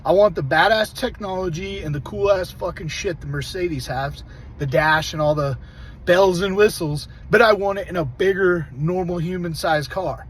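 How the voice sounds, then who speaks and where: Guy with a high voice ranting bout his day, swears a ton, blunt and fired up. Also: normal speed, a little hiss or hum, low-quality recording. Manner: profane, blunt and animated. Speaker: vlogger. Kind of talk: casual storytelling rant.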